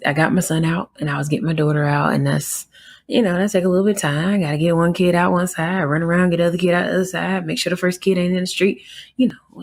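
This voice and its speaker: A woman's voice: low-pitched, gravelly, slightly rough. A young woman with a Southern American accent telling a story in a casual, indignant podcast monologue, full of fillers. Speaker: podcast host.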